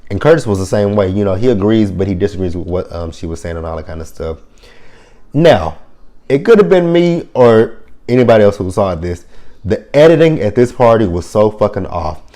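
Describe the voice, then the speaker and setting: A man's voice: on the low side, fairly quick. A man giving a casual review of a reality TV episode, blunt and profane, rambling and often correcting himself. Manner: blunt, profane and animated when annoyed; rambling with frequent self-corrections. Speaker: reality TV recap host.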